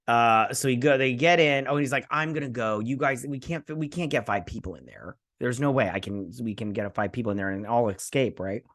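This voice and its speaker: Talking a little fast with few pauses, this male host has a mid-range, fairly bright voice. He's doing a laid-back episode recap and review, meandering through the story and impersonating characters in jokey voices.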